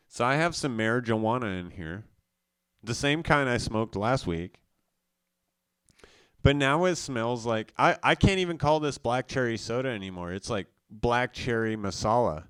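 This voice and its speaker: Young man from South Dakota, live host, smooth and dry, casual self-mocking rambler. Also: mid-range voice, expressive, moderate pace, a bit bright, dry recording. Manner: loose, profane, self-mocking.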